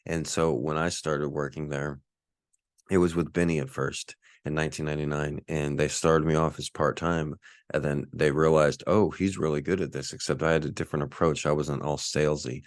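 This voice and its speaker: A Texas man in his forties hosts a podcast, telling a rambling, laid-back story in a casual monologue. His voice is very deep with little pitch movement and a moderate pace, recorded cleanly in a studio with no echo.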